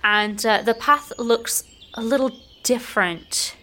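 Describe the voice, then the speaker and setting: A woman's voice: fairly high pitch, takes it slowly. A woman narrates as game master of a tabletop game, painting the scene at an easy pace. She fills her sentences with casual "like"s and "you know"s. A faint noise sits under the recording. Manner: relaxed, descriptive, frequent "like" fillers.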